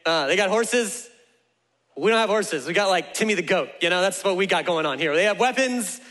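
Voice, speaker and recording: Male pastor, high voice, lively comic storyteller, long echo of a big church hall. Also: a little fast. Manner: animated storytelling, playfully acts out characters. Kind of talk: sermon.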